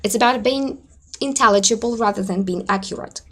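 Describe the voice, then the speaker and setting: A woman's voice: mid-range voice, brisk. A woman presenting to teachers at an online conference, speaking with frequent fillers and hedges. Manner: hesitant, many fillers and hedges.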